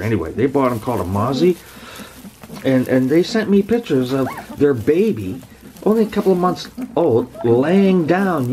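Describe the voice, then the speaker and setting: A man who breeds dogs, talking casually to a handheld camera while sitting among puppies, rambling and restarting his words. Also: mid-range voice. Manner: rambling, repeats and restarts words, gently affectionate. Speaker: dog breeder. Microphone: handheld camera mic.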